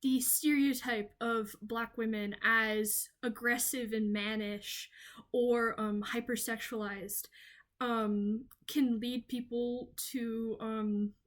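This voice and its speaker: A woman's voice: on the high side, steady tone, slow pace. A young woman from the Southern US, talking off the cuff in a rambling, enthusiastic video essay full of ums and restarts. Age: young adult. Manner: enthusiastic, gushing. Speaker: video creator.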